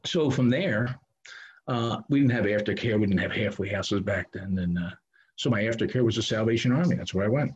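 A man's voice: fairly low pitch, brisk, highs cut off, a little hiss or hum. A middle-aged man telling his recovery story in a candid, rambling, self-mocking way, with many restarts. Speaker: recovery speaker.

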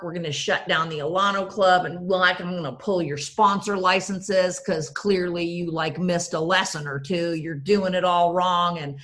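At a recovery meeting, a woman tells her recovery story with self-mocking humor, repeatedly speaking directly to the room. Her voice is lowish, bright, and forceful.

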